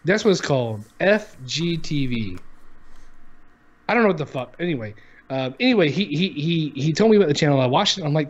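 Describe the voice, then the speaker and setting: A man in his thirties talks in a loose, unscripted chat, blunt and dismissive and quick to swear. His voice sits a little high for a man. The recording is dull and lo-fi, as if through a cheap mic. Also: animated. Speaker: podcast co-host. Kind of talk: casual chat. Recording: dull lo-fi audio.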